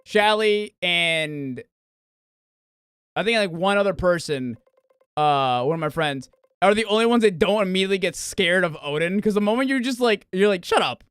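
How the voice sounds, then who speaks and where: A man's voice: high-pitched, expressive, moderate pace, a bit bright, clean tone, dry recording, studio quality. A man streaming and chatting casually, telling rambling stories full of swearing and restarts. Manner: profane, rambling storyteller with frequent restarts. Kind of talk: casual chat.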